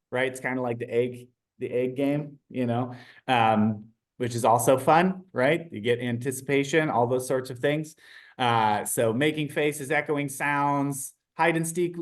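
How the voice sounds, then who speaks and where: A man leading a live online training, animated and chatty, often asking the audience questions. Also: medium pitch.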